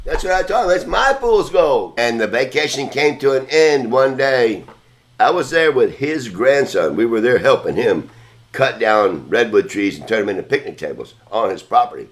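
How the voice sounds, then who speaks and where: A man's voice: mid-range voice, lively intonation, moderate pace. A man hosting a podcast, telling a long story in a casual, rambling, profane way. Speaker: podcast host.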